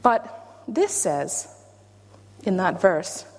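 A woman preaches with playful, self-deprecating humor and leans hard into her emphasis. Her voice sits at a middle pitch for a woman and rings out with a long reverb, as in a church hall. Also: very animated, very slow. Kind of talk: sermon.

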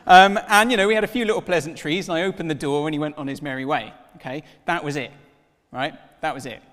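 A man in his thirties preaching a sermon, telling stories with lively acted-out dialogue. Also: fairly high pitch, fast, in a large hall. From Wales. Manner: animated storytelling, acts out dialogue in voices.

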